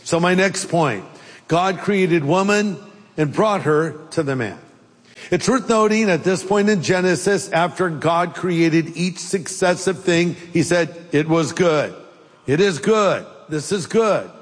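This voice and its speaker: A man's voice: high voice, lively intonation, unhurried, in a large hall. A man preaching a sermon as a pastor, playful and joking at times. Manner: playful, jokes and puts on silly accents.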